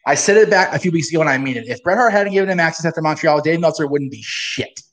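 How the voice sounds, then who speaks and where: A man's voice: on the high side, lively intonation, fast talker, a bit bright. A man hosting a live wrestling watch-along, ranting bluntly with profanity and laughing often. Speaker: host.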